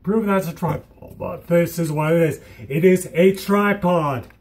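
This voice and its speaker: A man's voice: a little high, a little slow. Hyper, giddy young man vlogging at home. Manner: giddy, rambling, bursts of shouting and silly sounds. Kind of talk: hyper casual vlog.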